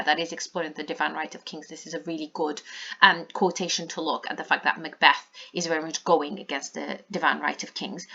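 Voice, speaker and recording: Lower-pitched, bright woman teacher. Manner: explanatory, many fillers. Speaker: English teacher. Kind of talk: revision lesson, annotating a play. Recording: dull lo-fi recording.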